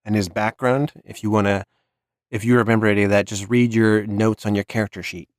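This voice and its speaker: A man's voice: fairly low pitch, flat delivery, no echo, studio quality. A man narrating a tabletop game as dungeon master, often restarting and filling with "like". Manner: halting narration with restarts and fillers.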